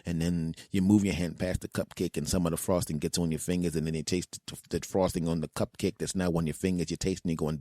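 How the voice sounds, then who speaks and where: A man hosting a podcast, telling a comic story in an animated, self-mocking way and acting out voices. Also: deep voice, quick pace, few pauses, dry recording, studio quality. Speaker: podcast host. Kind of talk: comedic storytelling monologue.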